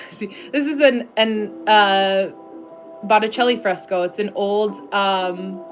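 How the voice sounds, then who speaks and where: A middle-aged American woman hosting a casual livestream, chatting and reading viewers' names aloud in a friendly way, with soft music behind her. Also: mid-range voice, takes it slowly. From United States. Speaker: livestream host.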